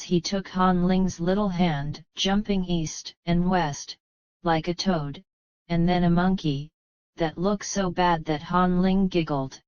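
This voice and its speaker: A woman narrating a novel in an even, unhurried manner. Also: fairly low pitch, smooth, dry recording. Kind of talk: novel reading. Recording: slightly dull, muffled.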